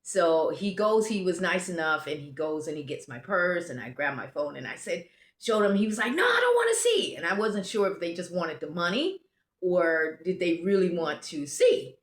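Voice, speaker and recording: A woman's voice: on the low side, animated, normal speed. An American woman telling a travel story casually, rambling and often restarting her sentences. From United States. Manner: rambling, self-interrupting, restarts. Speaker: travel vlogger. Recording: roomy echo.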